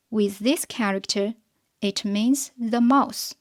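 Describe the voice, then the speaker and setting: A woman teaching a scripted beginner pinyin lesson, speaking in a slow, careful way for learners to follow and repeat. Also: on the high side. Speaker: Chinese teacher.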